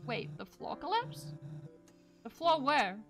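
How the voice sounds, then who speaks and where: A woman streamer voicing a bewildered young patient who remembers nothing, asking question after question in a high, plain voice. Faint music plays behind the visual novel reading. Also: very animated, takes it slowly, gravelly, fairly bright tone, exaggerated voice. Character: confused amnesiac young hospital patient.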